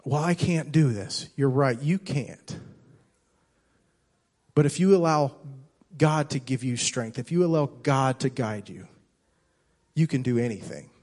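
A man preaching a sermon as pastor, impassioned, repeating and restarting phrases and swinging between loud and soft. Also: mid-range voice, unhurried, long pauses.

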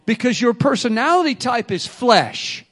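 A man preaching a sermon with energy, swinging between loud bursts and quiet asides to the congregation. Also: very high-pitched, moderate pace. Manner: energetic preaching, acts out excuses in quotes. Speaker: pastor.

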